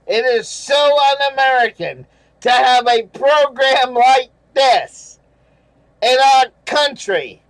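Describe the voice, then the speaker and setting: A man with a fairly high voice rants at a slow, dragging pace, cursing and sarcastic as he reads out comments. He chuckles now and then between angry remarks. The sound is dry and close. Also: expressive, fairly bright tone, no room sound, poor audio. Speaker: channel host reading viewer comments. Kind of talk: casual ranting commentary.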